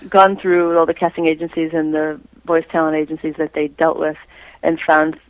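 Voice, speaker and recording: A woman's voice: deep voice, flat delivery, normal speed, phone-quality sound. A woman being interviewed about her own artwork, chatting casually and breaking into playful impressions. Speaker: creator and artist being interviewed.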